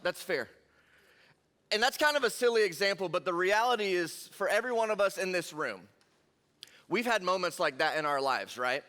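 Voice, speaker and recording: Man, youth pastor, jokey storytelling, bright tone, long hall reverb. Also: high-pitched. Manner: lively, jokey, talks straight to the crowd. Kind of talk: energetic youth sermon storytelling.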